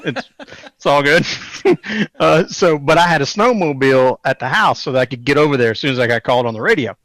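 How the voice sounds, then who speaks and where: A man's voice: mid-range voice, expressive, brisk, fairly bright tone, no room sound. A man co-hosting a casual podcast, telling anecdotes in a laid-back way with chuckles. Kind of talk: casual chat.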